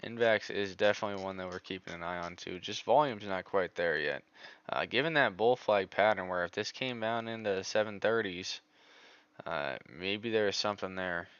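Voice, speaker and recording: A man's voice: low voice, normal speed, smooth, no room sound, highs cut off. Man giving live chart commentary. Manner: excitable, groans over missed trades. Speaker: stock trading streamer.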